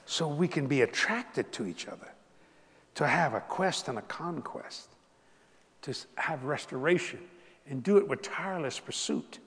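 Older Cajun preacher, animated and folksy, slightly high voice, lots of laughter, big reverberant hall. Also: male voice, moderate pace. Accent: Cajun Southern US. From South Louisiana. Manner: animated, laughing, Southern drawl, rising to exclamations. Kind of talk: folksy storytelling sermon.

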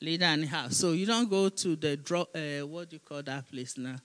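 A woman pastor preaching a sermon, reading scripture aloud and calling on the congregation to repeat after her. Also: deep voice. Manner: reads scripture aloud, pausing for responses. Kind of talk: sermon with call-and-response.

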